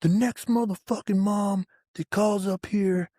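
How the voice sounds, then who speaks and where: Man putting on a big angry drill sergeant, yelling high and hard, profane, dry sound. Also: steady tone, unhurried, no room sound. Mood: furious. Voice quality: shouting, profane tirade. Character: huge bellowing male army drill sergeant, furious.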